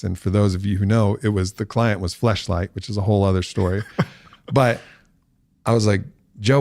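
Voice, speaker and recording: A man's voice: lowish voice, darkish tone, no room sound, clean studio sound. A man as a podcast guest, telling a long story and acting out the voices of people he quotes.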